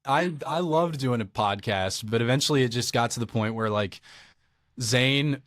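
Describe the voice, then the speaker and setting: A young man from Alabama, a podcast guest telling lively stories in casual chat, swearing now and then. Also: mid-range voice, normal speed, no echo, clean studio sound. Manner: animated storyteller, swears casually.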